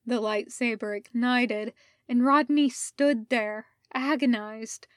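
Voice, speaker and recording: A woman reading fan fiction aloud as an audiobook, in a measured, soft-spoken storytelling voice. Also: on the high side, steady tone, dry recording, clean studio sound. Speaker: audiobook reader.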